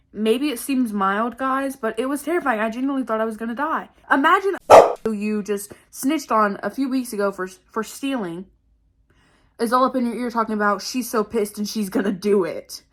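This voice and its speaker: A woman's voice: fairly high pitch, normal speed, fairly bright tone. A young woman vlogger telling stories in a dramatic, casual way, swearing often and calling her viewers guys. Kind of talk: casual storytelling to camera.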